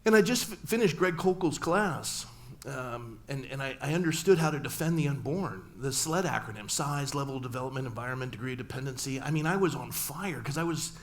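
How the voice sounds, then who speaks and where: A man's voice: medium pitch, animated, a little fast, few pauses. A middle-aged man, a pastor, telling a personal story in a sermon and acting out family dialogue with humor. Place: church sanctuary.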